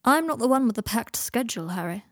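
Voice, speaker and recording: A woman's voice: on the high side, lively intonation, fast talker, a bit bright, dry recording, studio quality. A woman reading an audiobook and voicing a bitter, sardonic young man who talks in a cold, mocking drawl. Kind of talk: audiobook reading of fan fiction.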